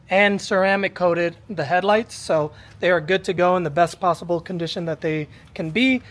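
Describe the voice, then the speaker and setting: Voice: mid-range voice, a little hiss or hum. Upbeat car vlog host. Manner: upbeat, excitable, jokey. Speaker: channel host. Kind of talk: car build vlog narration.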